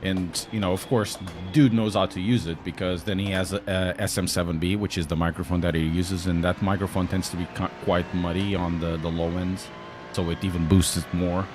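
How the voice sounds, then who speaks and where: A man's voice: sits low, steady tone, a little fast, over music. A man with a Portuguese accent chatting casually on a live stream, joking and answering chat as he drives a sim race.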